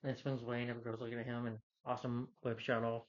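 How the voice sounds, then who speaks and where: A man's voice: medium pitch, monotone, very fast. Rambling man in a lo-fi film review. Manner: rambling, filler-heavy plot retelling.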